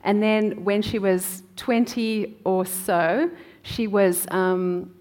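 A middle-aged woman from South Africa speaks as a guest author. She tells a long family story in a relaxed conversational way. She pauses often with "um" and restarts her sentences as she recalls details. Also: medium pitch. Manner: warm storytelling with frequent "um" pauses. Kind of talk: conversational interview answers.

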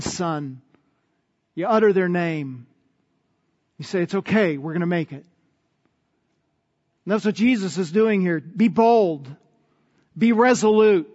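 A man's voice: high voice, in a large hall, lo-fi sound. A man preaching a sermon in an earnest, emphatic manner, driving points home with repetition. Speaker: pastor.

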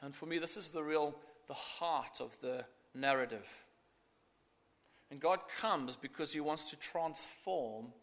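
A middle-aged man preaching a sermon, earnest and expressive, acting out the scripture as he goes. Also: a little high, a little slow. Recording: echoey hall.

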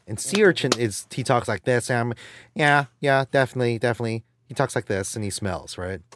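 A man chatting casually as a podcast co-host, speaking in halting, chatty phrases and interjecting often. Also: medium pitch, expressive, no room sound, studio quality. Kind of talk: casual chat.

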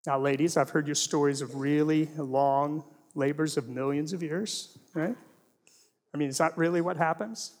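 Animated high-voiced man teaching in a hall. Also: moderate pace. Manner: animated storyteller, rhetorical questions, jokey asides. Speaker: Christian apologetics speaker. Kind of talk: humorous teaching presentation. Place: large hall before a live audience. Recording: long reverb of a large hall.

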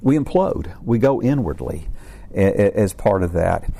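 A man's voice: lowish voice, lively intonation, measured pace, gravelly, warm tone. Stammering man giving a talk. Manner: rambling, stammering, joking. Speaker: counselor and guest speaker. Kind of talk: informal talk to a support group.

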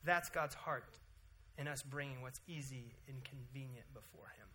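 Man, pastor, sermon, animated, bright forceful tone, faint room noise behind. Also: normal speed. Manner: animated, rises loud and high for emphasis, then drops to quiet prayer. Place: church sanctuary.

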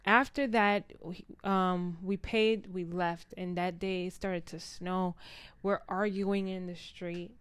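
A woman's voice: on the low side, slow pace, clear, resonant tone, no room sound. A woman casually telling a personal story, acting out what people said along the way. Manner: candid, animated retelling with quoted dialogue.

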